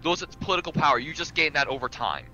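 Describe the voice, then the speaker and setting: A man's voice: fairly high pitch, expressive, fast talker, bright, forceful tone, muffled recording, faint music behind. A man in casual gaming chat, patiently explaining a strategy game to his friend.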